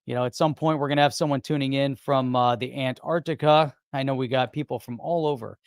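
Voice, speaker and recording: A man's voice: mid-range voice, fairly even intonation, brisk, no echo, studio quality. Upbeat man co-hosting a live show. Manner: upbeat, laughing, bantering. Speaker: co-host. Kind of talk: casual livestream chat.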